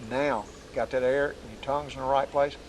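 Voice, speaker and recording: Out in the woods, a man gives a duck calling lesson in a folksy, plainspoken way, demonstrating the calls. His mid-range voice is fairly even in intonation and a little fast, and the low-quality recording has slight hiss or hum.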